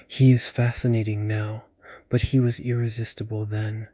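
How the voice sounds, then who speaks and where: A man reading a play aloud in a breathy whispered role-play, close to the microphone. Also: lowish voice, flat delivery, moderate pace, warm tone, dry recording. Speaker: audiobook reader.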